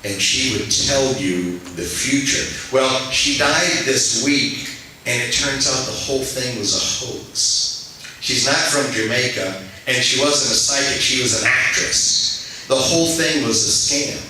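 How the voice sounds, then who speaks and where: A man's voice: medium pitch, unhurried, sharp tone, slight background noise. A male pastor preaching a sermon in a conversational way, now and then putting questions to the congregation. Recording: echoey hall, mic at a distance.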